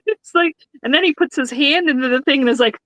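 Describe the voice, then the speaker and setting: A woman's voice: high-pitched, fast, fairly bright tone, no room sound, low-quality recording. A woman co-hosting a podcast, retelling a sitcom episode in casual chat, acting out the characters' lines and laughing often. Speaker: podcast co-host reviewing a sitcom.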